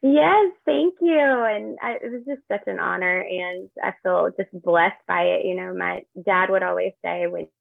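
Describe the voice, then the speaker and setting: A woman guest on a podcast, speaking in a heartfelt, gentle way, pausing to search for words, over a tinny line. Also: lowish voice, steady tone, gravelly, no echo. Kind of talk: casual interview chat. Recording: dry tinny phone line.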